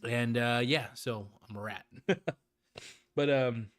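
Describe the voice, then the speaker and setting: A man in the middle of his range for pitch, chatting loosely as a livestream movie reviewer. He rambles, restarts his sentences and swears casually, laughing often between thoughts. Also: slow pace, a bit bright. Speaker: host.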